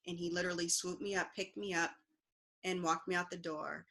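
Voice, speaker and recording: Woman, interview guest, bright tense voice, halting personal storytelling. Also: fairly low pitch, steady tone. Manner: earnest, halting with fillers and restarts.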